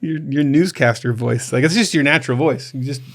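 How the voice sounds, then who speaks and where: A man's voice: medium pitch, a little fast. A man hosting a podcast in casual comedic chat, rambling and laughing as he tells a story. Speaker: podcast host.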